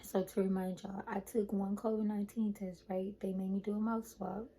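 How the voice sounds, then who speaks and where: A young woman vlogger chatting casually to her viewers, retelling a personal story in an animated way. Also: medium pitch, moderate pace, slight background noise, poor audio.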